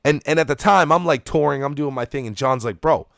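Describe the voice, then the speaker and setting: A man's voice: on the high side, fairly quick, gravelly, fairly bright tone, no room sound, clean studio sound. A man in his thirties, co-host of a podcast, telling a rambling, profane story with lots of restarts. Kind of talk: casual storytelling.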